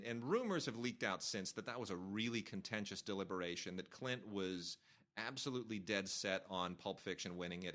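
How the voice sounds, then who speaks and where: A man hosting a film podcast, telling an anecdote in casual chat and acting out the quotes of the people in it, with many restarts. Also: fairly low pitch. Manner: animated, acts out quotes with restarts. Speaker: podcast host, film critic.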